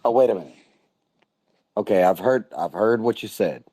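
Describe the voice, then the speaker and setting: A male caller on a radio show from the United States, rambling and halting, repeating himself. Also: lowish voice, animated, dark tone, no room sound, studio quality. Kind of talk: call-in radio talk.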